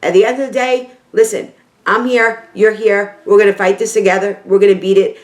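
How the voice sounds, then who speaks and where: A middle-aged beauty vlogger with a New York accent talks emotionally and casually to camera, heartfelt and rambling, repeating herself for emphasis. Her voice is medium-pitched, steady, and brisk, in an echoey room.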